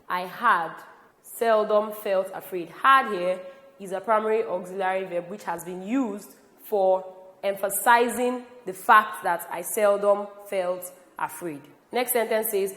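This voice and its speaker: A woman from Nigeria teaching a grammar lesson, speaking slowly and deliberately and stressing each example word. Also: medium pitch, a bit bright. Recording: roomy with long reverb.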